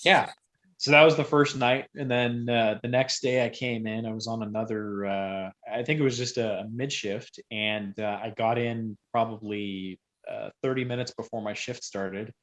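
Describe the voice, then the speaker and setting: A man's voice: mid-range voice, fairly even intonation, moderate pace. Rambling male podcast guest. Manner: rambling, acts out quotes with sudden loud bursts. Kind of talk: casual storytelling.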